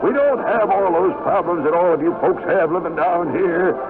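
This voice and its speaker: A man voicing a cheerful old male Santa Claus on the radio, with hearty ho-ho laughs and a drawn-out sing-song delivery. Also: high-pitched, over music, pitched above the performer's own voice, natural voice. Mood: jolly. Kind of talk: 1970s radio character voice. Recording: tinny lo-fi 1970s radio broadcast.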